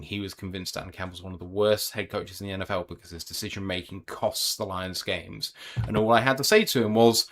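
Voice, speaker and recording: A British man hosting a live reaction stream, commentating on plays in quick bursts and reading viewer comments aloud. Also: low-pitched, fairly bright tone. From United Kingdom. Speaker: podcast co-host and play-by-play commentator.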